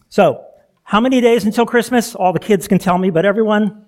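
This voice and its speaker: A man's voice: high voice, fairly quick. A middle-aged male pastor giving a chatty sermon, full of asides, laughing at himself and restarting sentences.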